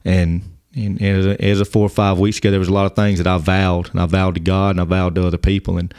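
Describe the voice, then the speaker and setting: A man speaks in a lowish, dry voice and gives his testimony as a podcast guest. He is earnest and halting, and he often restarts and repeats his words. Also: little pitch movement, darkish tone, clean tone, dry recording. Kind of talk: personal testimony in casual conversation.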